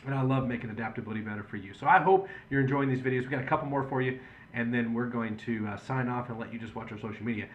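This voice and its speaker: A man's voice: medium pitch, racing, highs cut off, a little hiss or hum. Earnest man explaining to patients. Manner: earnest, conversational storytelling. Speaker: chiropractor. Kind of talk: patient education video talk.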